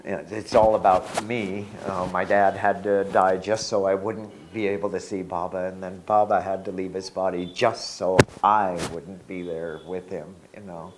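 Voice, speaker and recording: A man in his sixties telling a personal spiritual story in an unhurried, reflective way, with soft laughs. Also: deep voice, level tone, background noise.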